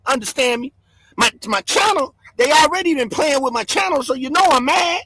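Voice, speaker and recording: Man, very high voice, bright sharp tone, yelling livestream host, dry close sound. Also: lively intonation, brisk, no room sound. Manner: yelling, fired-up, cursing. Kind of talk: loud commentary livestream. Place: home.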